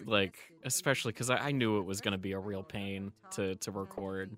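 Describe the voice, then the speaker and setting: A man's voice: fairly low pitch, steady tone, a little fast, fairly bright tone. A man who wrote the audio drama, chatting casually and reflectively in commentary, easygoing and full of "like" fillers.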